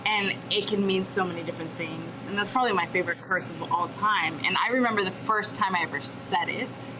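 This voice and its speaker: A woman's voice: on the low side, a little fast, crowd noise, rough recording. A woman guest chatting casually in an interview, playful and laughing, swearing freely. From born in Dallas, Texas, USA. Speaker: guest, TV show producer.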